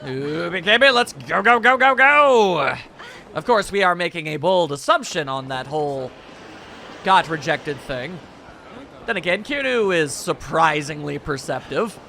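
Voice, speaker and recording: A man's voice: high-pitched, bright, forceful tone, a little hiss or hum. A man giving joking, wry commentary while playing a video game. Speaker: gaming channel host. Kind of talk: let's play commentary.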